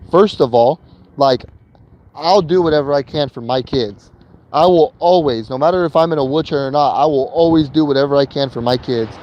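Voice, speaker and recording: A man's voice: on the high side, darkish tone, highs cut off. Slangy man vlogging from his vehicle. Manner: loose slangy talk, with many fillers and repeats. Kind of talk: casual storytelling vlog. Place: inside a vehicle he is driving.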